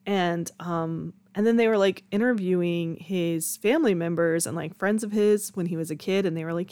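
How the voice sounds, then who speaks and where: A woman's voice: lowish voice, moderate pace, hardly any pauses, a little mellow, clear, resonant tone, no room sound. A young woman hosting her own podcast, chatting candidly with frequent laughs and casual swearing. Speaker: podcast host. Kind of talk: casual solo podcast chat.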